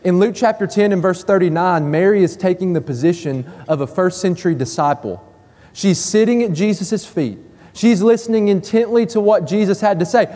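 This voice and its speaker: High-voiced man preaching a sermon. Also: normal speed, warm tone. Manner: emphatic, repeating key phrases. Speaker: pastor. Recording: long reverb of a church hall.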